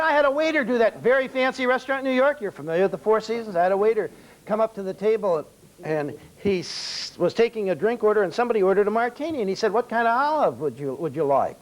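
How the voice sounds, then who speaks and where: High-voiced man telling a restaurant story. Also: fast talker, poor audio. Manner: storytelling, acting out quoted dialogue. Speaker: seminar speaker on restaurant service. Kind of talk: lecture with anecdotes.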